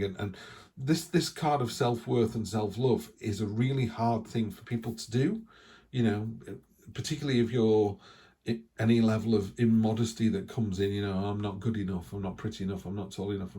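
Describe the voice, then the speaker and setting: A man's voice: lowish voice, dark tone, breathy edge. A man giving a casual, rambling tarot reading, with frequent restarts and asides. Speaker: tarot reader.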